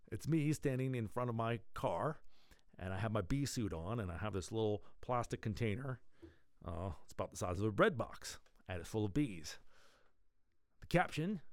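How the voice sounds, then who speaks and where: A man hosts a newsletter podcast, reading his items in a playful, joking way. His pitch swings widely, and the sound is close and dry, with no room around it. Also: dry recording. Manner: playful, jokey, animated. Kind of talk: casual scripted newsletter reading.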